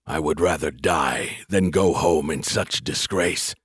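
A proud alien admiral, as a male narrator puts him on, growling each word out slowly and heavily. The voice drops well below the narrator's own into a deep register and drags along at a weighty pace. The recording is close and dry. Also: fairly bright tone, breathy edge, no room sound, exaggerated voice. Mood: proud, bitter. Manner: slow, heavy, defiant. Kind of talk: audiobook character voice.

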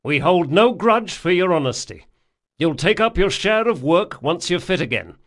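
Audiobook: male narrator as brisk, commanding pirate captain; lively, pushed up in pitch and volume. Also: heavily acted. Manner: brisk, commanding orders to a crew. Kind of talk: audiobook character voice.

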